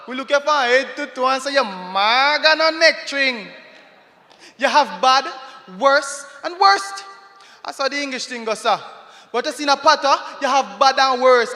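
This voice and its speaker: A man's voice: very high-pitched, sharp tone. A Jamaican man hosting a gala from the stage, playful and laughing, slipping into patois for a comic poem, on a handheld mic in a large echoey hall. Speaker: event emcee. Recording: echoey hall with long reverb.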